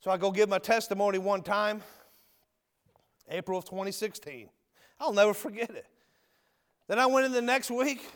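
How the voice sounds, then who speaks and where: A man preaching a sermon and giving his testimony as a former convict, swinging from emphatic shouts to low near-whispers in a folksy manner. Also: normal speed, long pauses. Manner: folksy, calls listeners brother and my friend. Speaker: preacher, ex-convict prison minister. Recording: long hall reverb.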